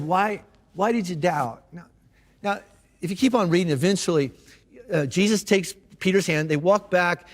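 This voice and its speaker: A man's voice: high voice, long reverb tail. A man preaching a sermon as a pastor, talking casually and conversationally with slang and restarts.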